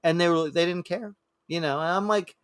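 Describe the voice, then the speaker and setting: A man on a podcast telling stories in a casual chat, swearing freely, his voice climbing when he acts out shouting people. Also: normal speed, smooth, no echo, clean studio sound. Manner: swearing, animated storyteller, rises high when quoting angry people. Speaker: podcast co-host.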